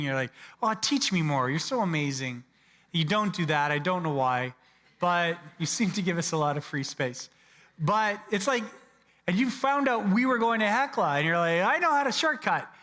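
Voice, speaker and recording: Conversational pastor in echoing church. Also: male voice, fairly high pitch. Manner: conversational, acts out people's lines in lively asides. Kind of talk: sermon. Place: church sanctuary. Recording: long church hall reverb.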